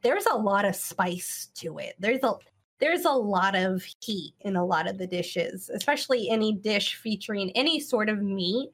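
A woman's voice: mid-range voice, expressive, moderate pace, a bit bright. A married woman chatting casually on a podcast, telling a long story with plenty of "like" fillers. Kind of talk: casual chat.

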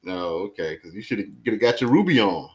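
A man's voice: on the low side, sing-song, fast, crowd noise. A man hosting a podcast in casual chat, loose and rambling with lots of fillers. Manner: loose, rambling, filler-heavy shout-outs. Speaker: podcast host.

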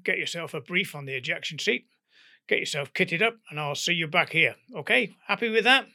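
A man's voice: a little high, lively intonation, a little fast, vocal fry, sharp tone, heavily acted. An older man voicing a brash, cocky young Cockney naval pilot who talks in a breezy, bossy, jokey way. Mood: brash cheerful.

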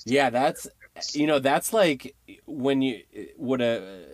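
A podcast host asking questions in a relaxed, easygoing way, often laughing. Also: medium pitch, slow, no echo. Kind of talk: podcast interview.

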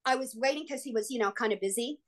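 A woman, an actress and guest on an interview show, telling stories in an excitable, gushing way. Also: on the high side, fast talker. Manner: excitable, gushing, frequent "like" and "oh my God". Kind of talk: casual interview storytelling.

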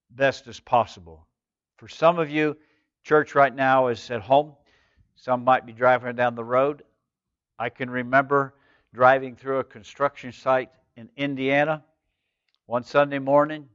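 A male pastor preaching a sermon with animated storytelling, calling on the congregation to answer back. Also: medium pitch, smooth, dry recording, highs cut off.

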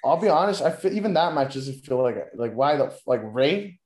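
A man co-hosting a casual wrestling podcast, ranting with heavy profanity and bursts of mock shouting. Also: fairly high pitch, lively intonation, normal speed, echoey room. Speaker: podcast co-host.

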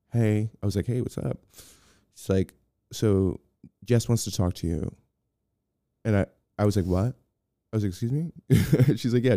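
A man's voice: sits low, warm tone, no room sound, clean studio sound. A man telling a long story in a casual interview, rambling with restarts and acting out what others said. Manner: rambling, many restarts, acts out quoted voices. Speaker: guest, film personal assistant.

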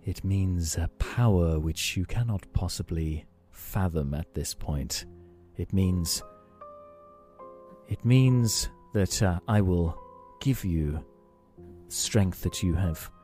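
A man voicing a sinister male entity who speaks slowly and persuasively, offering a dark bargain. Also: sits low, faint music behind. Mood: menacing, persuasive.

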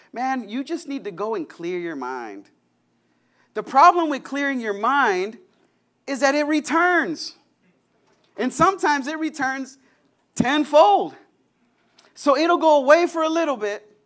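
A young man preaching a casual, animated sermon, acting out prayers and everyday conversations. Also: very high-pitched. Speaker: pastor.

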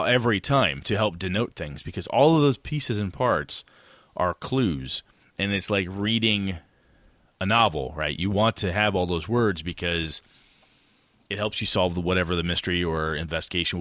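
A man co-hosting a podcast, chatting casually about tabletop gaming in a rambling, animated way with casual swearing. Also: sits low, dry recording. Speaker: podcast co-host.

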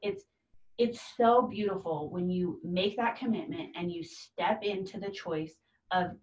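A woman's voice: on the low side, a little slow, a little mellow. A woman in her thirties talking earnestly and from the heart in a casual conversation, acting out the voices of the people she quotes. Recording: dull, distant, echoey room.

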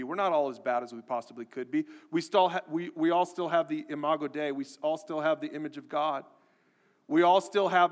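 Earnest male pastor in a reverberant hall. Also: a little high. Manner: earnest, repetitive, building emphasis. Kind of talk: sermon.

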